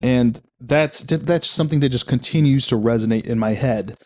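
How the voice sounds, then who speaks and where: A man's voice: medium pitch, moderate pace, darkish tone. A man casually reviewing a book, reflective and conversational, often restarting his sentences.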